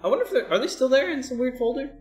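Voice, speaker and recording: High-pitched monotone young man, blunt, swears a lot, clears his throat, roomy room, music underneath. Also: rapid-fire. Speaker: streamer, school IT worker. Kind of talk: casual chat on a livestream.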